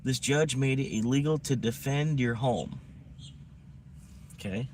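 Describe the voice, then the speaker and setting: A laid-back man rambles through a casual live stream and chuckles often. His voice sits at an ordinary middle pitch. A faint hum of ambience runs underneath. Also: measured pace, a little mellow.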